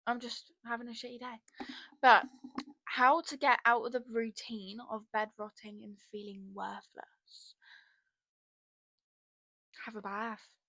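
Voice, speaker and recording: A woman's voice: a little high, little pitch movement, slow, long pauses, sharp tone, no echo. A young woman hosting a casual solo podcast, rambling and chatty, blunt and given to swearing, into a podcast microphone. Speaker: podcast host.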